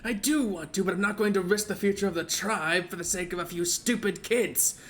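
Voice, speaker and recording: A man voicing a blunt, raspy, witch-like female ranger while reading game dialogue aloud. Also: high-pitched, fairly quick, soft background music, lightly acted. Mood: stern.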